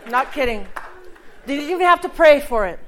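A woman giving a personal testimony sermon, telling a story and acting out the dialogue, sometimes dropping to a hushed voice for emphasis. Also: high voice, lively intonation, moderate pace, some chatter behind.

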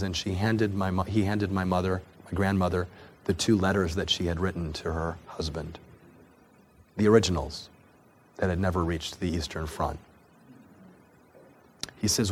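Deep-voiced man telling a sermon story. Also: steady tone, normal speed, pauses often, a little mellow, a little hiss or hum. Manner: earnest, repeats and restarts words. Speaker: preacher.

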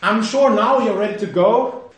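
A man's voice: sits high, moderate pace, voice pushed up, close to an everyday voice. A man preacher voicing an eager, persistent male friend who keeps inviting someone to church meetings, with a coaxing, upbeat manner. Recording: roomy echo.

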